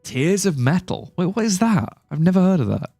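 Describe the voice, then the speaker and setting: A man chatting through a live stream, his voice rising and falling a lot as he gets excited. He laughs often and fires off quick exclamations. The sound is dry and close, with faint guitar music behind him. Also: high voice, vocal fry, no echo. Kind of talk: casual livestream commentary.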